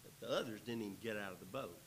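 A man's voice: on the low side, fast talker, a little hiss or hum, low-quality recording. A man teaching a Bible passage verse by verse, reading the text aloud and breaking in with folksy, joking asides.

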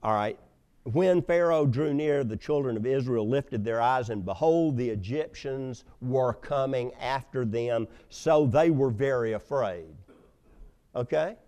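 A man preaching a sermon, telling stories with loud emphasis and hushed asides. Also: mid-range voice, lively intonation, unhurried. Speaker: pastor.

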